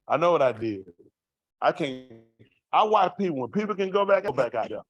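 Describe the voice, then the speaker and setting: A man's voice: a little high, lively intonation, normal speed, muffled recording, faint music behind. A man giving a raw, vernacular testimony to a congregation, asking the room rhetorical questions as he tells his story. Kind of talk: street-life testimony to a congregation.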